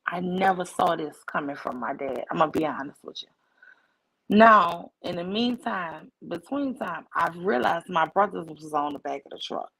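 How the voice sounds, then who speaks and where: Woman on a livestream telling a story to the chat, animated, does the voices, kinda gravelly. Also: on the low side, moderate pace, rough recording. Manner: animated, acts out quoted voices. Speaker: livestream host. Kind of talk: casual storytelling to a live chat.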